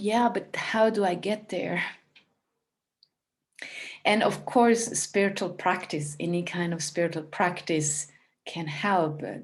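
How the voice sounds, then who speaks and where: A woman giving a calm, reflective spiritual talk as a teacher. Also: on the low side.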